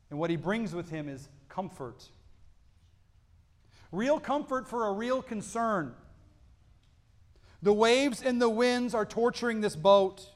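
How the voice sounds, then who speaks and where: A man preaching a sermon as pastor, reading scripture and explaining it earnestly, rising to emphatic peaks and dropping to quiet lows. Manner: reads scripture aloud, then explains it.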